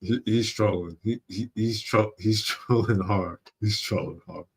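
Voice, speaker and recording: Slow, low-voiced laid-back streamer man. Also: slightly rough. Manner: laughs often, slangy, curses then apologizes. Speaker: streamer host. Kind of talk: casual reaction commentary.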